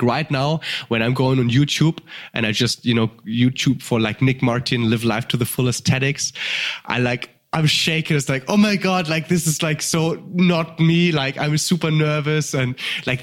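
A German-accented man with a mid-range voice, guesting on a podcast, tells stories in animated, casual chat, swearing and laughing while a little tipsy.

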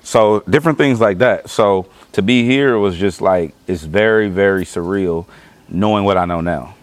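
A man from Los Angeles telling stories casually as an interview guest, animated and profane, acting out his own reactions. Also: low-pitched, moderate pace. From Los Angeles, California. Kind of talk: casual conversational storytelling.

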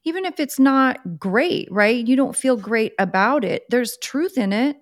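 A woman's voice: fairly high pitch, animated, a little slow, no room sound, clean studio sound. A woman co-hosting a casual podcast, earnest and reflective as she adds her view. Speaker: podcast co-host. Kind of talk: casual conversation.

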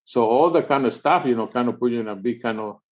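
A man physician joining the interview, talking haltingly with many fillers. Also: medium pitch. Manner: halting, full of fillers and "kind of". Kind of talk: conversational interview answers.

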